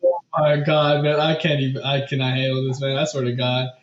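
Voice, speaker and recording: A young man co-hosting a podcast, chatting casually about music news, animated and exasperated with lots of fillers. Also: medium pitch, a little fast. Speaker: podcast co-host. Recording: echoey room, dull lo-fi mic.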